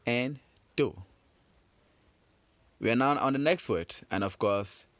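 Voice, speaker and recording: A man teaching French phonics to children in a patient, encouraging way, repeating sounds slowly. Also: mid-range voice, no room sound. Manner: slow, patient, encouraging, drawn-out repetitions.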